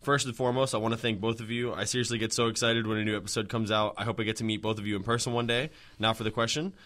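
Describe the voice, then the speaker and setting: A man co-hosting a relaxed podcast, with a bright, forward tone. He talks loosely and jokes around, telling stories with plenty of laughs. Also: fairly low pitch, racing. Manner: joking, laughs often, animated storytelling. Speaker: podcast co-host. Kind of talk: casual podcast chat.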